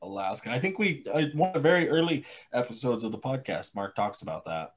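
A man hosts a friendly podcast chat with a lively, swinging pitch. He teases the others, asks questions and laughs easily. His speech is casual and conversational. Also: fast. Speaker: podcast host.

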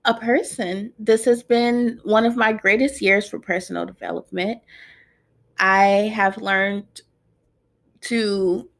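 A woman in her twenties hosting her own podcast, talking in a heartfelt, emotional way with many pauses, near tears. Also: mid-range voice. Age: 20s. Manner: emotional, heartfelt, soft-spoken with frequent ums. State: tearful. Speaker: podcast host. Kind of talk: personal podcast monologue.

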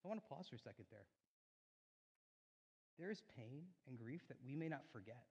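A man preaching a sermon in a church, telling a personal story earnestly, rising loud and then dropping soft. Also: mid-range voice, lively intonation, moderate pace, husky, dull audio. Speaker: pastor. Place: church sanctuary. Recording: long hall reverb.

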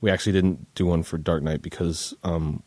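A man's voice: low-pitched, steady tone, brisk, a little mellow, no echo. A young man from Maryland hosting a podcast, chatting in a rambling, profane way. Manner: profane, rambling, slips into goofy put-on voices. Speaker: podcast host. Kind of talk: casual chat.

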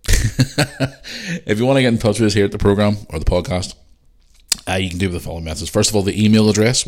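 A middle-aged man with a Northern Irish accent, hosting a casual solo podcast and chatting in a rambling, ranting way. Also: sits low. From Northern Ireland. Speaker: podcast host.

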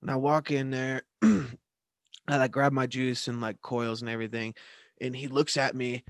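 A man's voice: mid-range voice, flat delivery, normal speed, no echo, clean studio sound. A young man telling rambling, profane stories in casual chat with a friend, laughing often. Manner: loose, profane, laughing storyteller.

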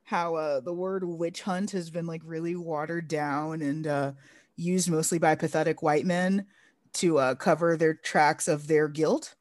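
A woman co-hosting a podcast in casual chat, sarcastic and profane with quick asides. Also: low-pitched, fairly even intonation, a little mellow, no echo. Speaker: podcast co-host.

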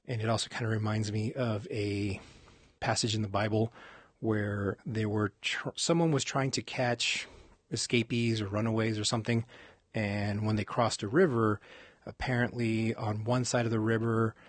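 A man from Texas telling stories in a casual conversation, reflective and halting, often restarting his sentences. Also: on the low side, slightly rough, dry recording. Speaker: podcast guest. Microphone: close mic on his own end.

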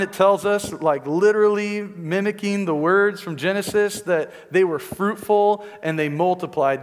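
Man preaching in a reverberant hall. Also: on the high side. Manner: conversational teaching, frequent "right?" asides. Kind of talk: sermon. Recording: long reverb in a large hall.

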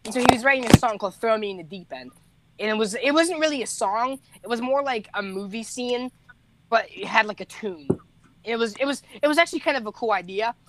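A man's voice: high-pitched, lively intonation, brisk, background noise. A teenage boy, a musician co-hosting a podcast, telling rambling stories in casual chat, laughing and correcting himself as he goes.

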